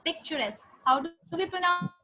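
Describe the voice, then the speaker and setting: A woman's voice: sits high, unhurried, soft background music, rough recording. A woman teacher giving a grammar lesson to a class, patiently repeating sentences and spelling words out letter by letter. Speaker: English teacher.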